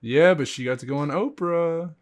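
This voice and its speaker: A young man in his twenties, a guest on a podcast, joking drily in casual chat. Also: a little high. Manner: dry joking, quick to laugh.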